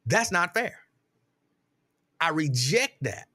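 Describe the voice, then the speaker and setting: Animated, bright-voiced man ranting. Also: a little high, takes it slowly. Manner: animated, exasperated storytelling with mock outrage. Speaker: show host reading live comments. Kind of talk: casual live-stream storytelling.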